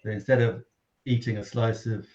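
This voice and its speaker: A man's voice: lowish voice, flat delivery, moderate pace, a little mellow, lo-fi sound. An English man co-hosting a live cooking stream, chatting enthusiastically and expressively while eating. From England. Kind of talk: casual live-stream chat.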